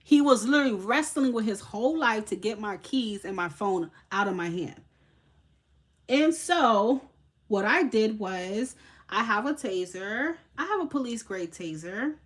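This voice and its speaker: Brief: young woman, Haitian background, fairly high voice, animated and profane live-stream storyteller. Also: a little slow. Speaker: tarot reader hosting a live stream.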